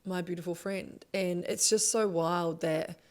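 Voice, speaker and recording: A woman's voice: lowish voice, fairly even intonation, unhurried. A thirty-year-old woman, a business coach giving a motivational monologue, emphatic and swearing often.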